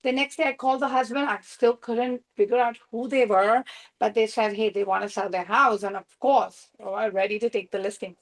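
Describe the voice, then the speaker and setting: A woman real estate agent telling a story at a team meeting, animated, acting out quoted dialogue. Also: fairly high pitch, brisk, rough recording.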